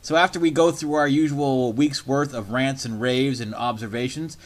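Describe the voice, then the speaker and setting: A man's voice: mid-range voice, steady tone, moderate pace. A man hosting a casual comedy podcast, rambling with stumbling restarts as he explains the show. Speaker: podcast host. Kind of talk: casual chat.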